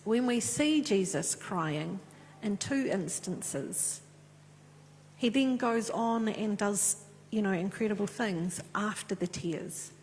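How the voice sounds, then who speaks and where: A woman's voice: medium pitch, takes it slowly, a little mellow. A woman preaching a sermon and reading scripture in an earnest, conversational way. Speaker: pastor. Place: church. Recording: echoey church with faint hum.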